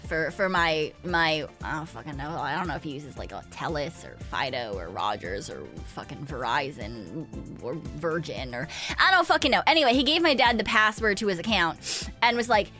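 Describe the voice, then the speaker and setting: A woman's voice: low voice, lively intonation, normal speed, music in the background. A young woman, streaming and telling a rambling story in casual chat, swearing freely. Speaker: VTuber streamer.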